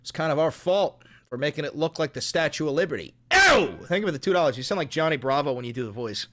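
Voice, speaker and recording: A man's voice: a little high, very animated, quick pace, a bit bright. A man hosting a casual livestream, reading viewer comments and joking and swearing between bits of silly voices. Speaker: livestream host.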